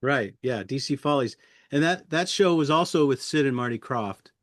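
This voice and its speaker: A middle-aged man, a puppeteer guest, reminiscing in an interview with a friendly, chuckling manner and many pauses. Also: mid-range voice, lively intonation, a bit bright, no room sound, studio quality. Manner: friendly, chuckling, halting with fillers.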